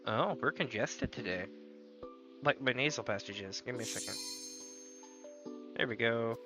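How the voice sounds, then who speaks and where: A man's voice: medium pitch, a little slow, over music. A man streaming a game live, chatting casually and telling rambling stories with jokey asides. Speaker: gaming streamer. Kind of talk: casual livestream chat while gaming.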